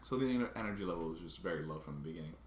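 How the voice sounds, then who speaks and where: A man vlogging casually, telling a story in a halting way and often restarting his words. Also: low voice, lively intonation, reverberant, slight background noise. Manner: halting, restarts and repeats words while recounting a grievance.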